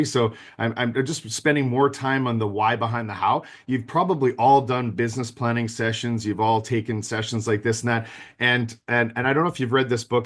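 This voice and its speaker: A man's voice: medium pitch, a bit bright. A man in his fifties giving a virtual business planning seminar, chatty and self-deprecating, talking straight to his audience over a video call mic. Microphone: video call microphone.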